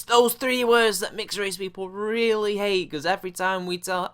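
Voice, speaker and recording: A man's voice: sits high, fairly even intonation, moderate pace, few pauses, a bit bright, clean tone. A man from England with a British accent, hosting a sarcastic reaction commentary, mocking and swearing in exasperation. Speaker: commentary video host.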